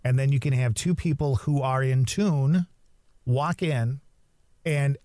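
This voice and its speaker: Man, podcast co-host, mellow warm voice, dry close mic, reflective, measured. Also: medium pitch, dry recording. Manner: reflective, measured, thinking aloud. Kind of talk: casual podcast chat.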